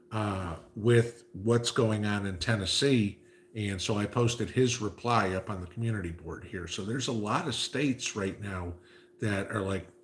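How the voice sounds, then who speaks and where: Low-voiced man chatting on a livestream. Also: a bit bright. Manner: conversational, talks through viewer comments with frequent "okay?" asides. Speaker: livestream host reading chat. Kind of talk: casual livestream chat.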